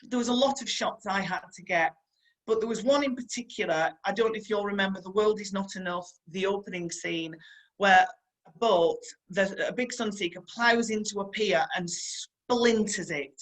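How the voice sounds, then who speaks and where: A woman's voice: medium pitch, moderate pace, low-quality recording. Woman, Yorkshire accent, middle-aged, motivational storytelling talk, chatty, earnest, repeats advice, speaks to the audience. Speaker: stunt performer and guest speaker.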